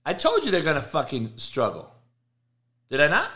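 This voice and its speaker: A man's voice: a little high, huge pitch swings, moderate pace. A middle-aged man, a football coach hosting a live show, ranting about sports in heated, profane bursts. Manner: profane, heated, shouting rants. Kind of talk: live motivational sports rant.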